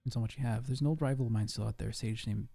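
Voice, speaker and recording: A man's voice: mid-range voice, steady tone, very fast, creaky, warm tone. A man reading a grave refuge leader. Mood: plotting. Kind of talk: reading game dialogue aloud.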